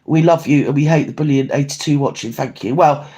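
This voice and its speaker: A man's voice: fairly quick, dark tone. A man chatting casually on a livestream, rambling and swearing as he reads out viewer comments. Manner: rambling, swears, swings pitch up and down often. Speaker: livestream host.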